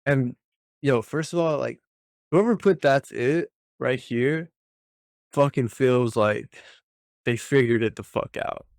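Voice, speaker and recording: A man's voice: mid-range voice, takes it slowly, gravelly, long pauses, no room sound, clean studio sound. A young man ranting casually about a workout split, profane and exasperated, full of slang. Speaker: fitness vlogger.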